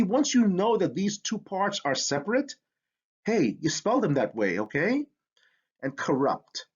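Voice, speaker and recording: A man teaching a spelling lesson, energetic and emphatic, slowing down to sound out words. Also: on the high side, breathy edge. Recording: dull lo-fi sound.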